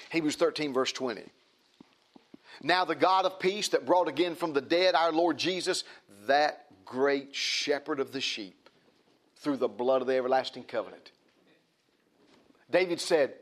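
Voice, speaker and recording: A man preaching a sermon, emphatic and repetitive, often restarting his phrases. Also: mid-range voice.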